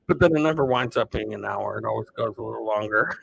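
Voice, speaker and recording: A man casually chatting to viewers on a live stream, rambling in a relaxed way. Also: medium pitch, fast, vocal fry, slightly rough, no room sound, lo-fi sound.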